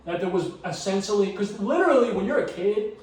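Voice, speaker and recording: Give me a young man with a high voice, rambling and profane, picked up by a distant phone. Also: a little fast. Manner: animated, profane storytelling full of "like" and "dude". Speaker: podcast co-host. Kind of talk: casual group chat. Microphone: phone camera across the room. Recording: echoey room, phone mic from far off.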